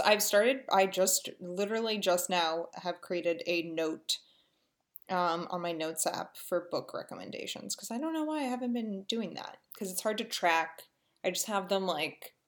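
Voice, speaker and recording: A woman co-hosting a podcast, chatting casually and excitably with gasps and laughs. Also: lowish voice, normal speed. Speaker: podcast co-host. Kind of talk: casual chat.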